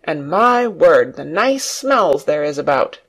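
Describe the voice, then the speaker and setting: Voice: medium pitch, expressive, normal speed. A reader doing a cheerful country farm boy. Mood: eager. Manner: broad country dialect, eager. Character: cheerful Yorkshire farm boy, nature-loving. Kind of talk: audiobook reading for learners.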